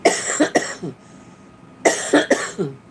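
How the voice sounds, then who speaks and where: A woman's voice: very slow, slight background noise. An older woman hosting a casual home livestream, chatting with viewers in a homey, easygoing way. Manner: chatty, homey, talks about fixing things herself. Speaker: livestream host. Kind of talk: casual chat reading viewer comments.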